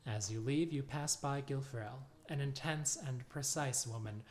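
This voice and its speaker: A man's voice: mid-range voice, measured pace. Man narrating a tabletop game. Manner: descriptive, relaxed storytelling. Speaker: game master.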